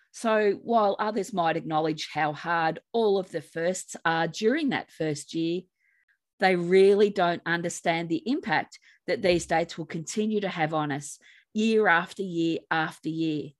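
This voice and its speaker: A woman with an Australian accent co-hosting a grief podcast as a coach, speaking in a calm, measured way. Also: lowish voice. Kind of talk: podcast conversation.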